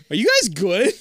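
A man's voice: sits high, bright, forceful tone, husky, no room sound. A man co-hosting a casual podcast, retelling a movie plot with lots of laughing and swearing. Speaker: podcast co-host.

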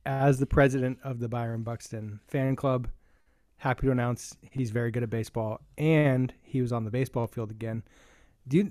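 A man hosting a sports podcast, leading the topics in a relaxed, enthusiastic way. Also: mid-range voice, no echo, clean studio sound. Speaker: podcast host. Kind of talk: casual podcast chat.

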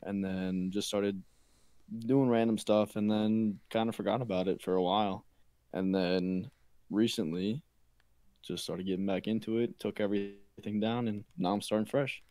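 A young man who is a guest on a podcast, talking in a halting way with many pauses and fillers. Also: fairly low pitch, steady tone, dark tone, no room sound. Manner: halting, full of ums and uhs. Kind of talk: casual podcast chat.

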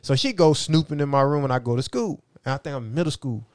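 A man's voice: medium pitch, animated, quick pace, dry recording, studio quality. A middle-aged man telling stories from his life in a rambling, casual way, often asking "you know what I'm saying". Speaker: interview guest. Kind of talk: casual storytelling.

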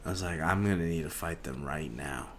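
A young man hosting a podcast, telling a story in a casual, profane, animated way and acting out the scenes. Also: low-pitched, brisk, a little hiss or hum. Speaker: podcast host.

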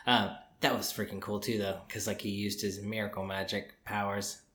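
A man's voice: lowish voice, flat delivery, normal speed, a bit bright, reverberant. A young man chatting casually, rambling and filling his talk with "like" and "dude". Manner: rambling, filler-heavy, says "like" and "dude" a lot. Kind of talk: casual chat.

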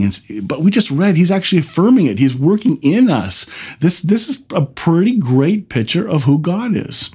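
A man preaching, reading scripture verses slowly and then explaining them with growing excitement. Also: a little high, husky. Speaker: pastor. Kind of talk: sermon.

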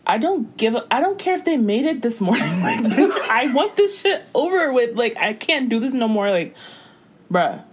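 A woman's voice: on the high side, very animated, a little hiss or hum. Exasperated, emphatic young woman. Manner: exasperated, emphatic, quick to agree. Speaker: co-host. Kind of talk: casual chat.

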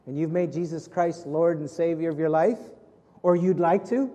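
A man preaching a conversational sermon as pastor, asking his congregation questions and dropping softer for prayerful moments. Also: high voice. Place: church hall with congregation. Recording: long hall reverb.

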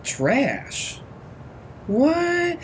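A man's voice: very high voice, wildly swooping pitch, drawn-out words, a little hiss or hum, heavily acted. An actor playing a vain, flighty gay young man who talks in an airy valley-girl drawl, full of "like.". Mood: dismissive.

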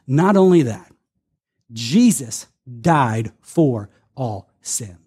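Husky-voiced man preaching a sermon. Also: mid-range voice, warm tone. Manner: earnest, quotes scripture, shifts pace for emphasis. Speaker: pastor.

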